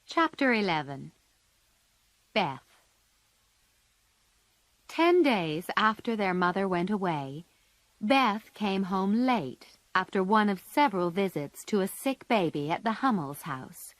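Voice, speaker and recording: A woman narrating a storybook for English learners, calm and very slow, every word careful and clear. The sound is close and dry, with no room around it. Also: mid-range voice, no room sound.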